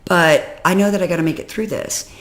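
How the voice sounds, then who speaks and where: A woman telling a candid personal story to the camera, venting and emotional, dropping low and weary, then rising loud and exasperated. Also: brisk. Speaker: personal development vlogger.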